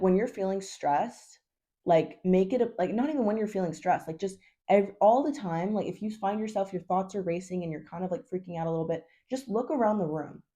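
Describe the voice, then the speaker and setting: Blunt, chatty woman coach with a mellow voice. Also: fairly low pitch. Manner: blunt, chatty, swears, says 'like' constantly. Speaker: hormone health coach. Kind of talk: casual advice vlog.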